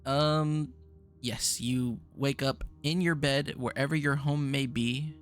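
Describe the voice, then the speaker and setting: Casting: male game master, gravelly and lively, faint music under it. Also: mid-range voice, slow pace. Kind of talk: narrating a tabletop game.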